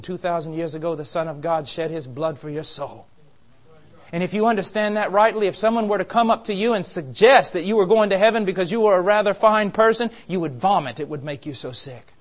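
A man delivers a sermon in a fairly high voice. He preaches with fervor, swelling into loud, urgent peaks and sinking into hushed, intense warnings. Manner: impassioned, swings from loud urgency to quiet intensity.

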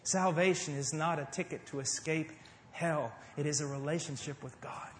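A middle-aged man from the United States preaching a sermon to a congregation, moving between loud emphasis and hushed, tender passages. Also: a little high, moderate pace, slight background noise. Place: church service before a congregation. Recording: echoey hall.

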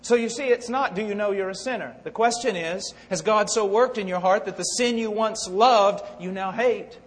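A man preaching a sermon with impassioned swings between hushed and loud delivery. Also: high-pitched, normal speed. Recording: long hall reverb.

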